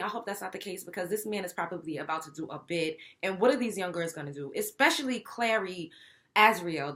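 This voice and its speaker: A young woman, hosting a talk show and giving blunt, profane opinions. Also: on the high side. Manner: blunt, profane, animated, mimics others. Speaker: show host. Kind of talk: opinionated commentary.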